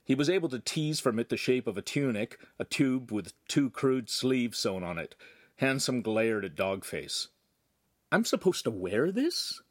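A man narrating a young adult science fiction novel in measured, even storytelling. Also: medium pitch. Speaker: audiobook reader. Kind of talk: scripted narration.

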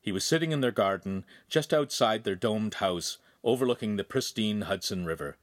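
A man's voice: on the low side, animated, normal speed, no echo. Man narrating a novel, dry close sound. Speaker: audiobook narrator.

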